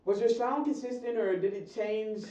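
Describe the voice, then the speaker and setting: A man's voice: high-pitched, moderate pace, warm tone, reverberant, far from the mic. A man hosting a podcast, asking short, curious interview questions. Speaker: podcast host.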